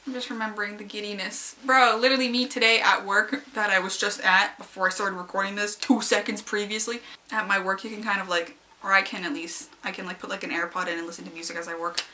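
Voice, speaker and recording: A young woman giving a casual, rambling review of a story she loved, excitable and giggly, jumping into high squeals when she acts out her own reactions. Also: quick pace, a little hiss or hum. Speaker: fanfic reviewer.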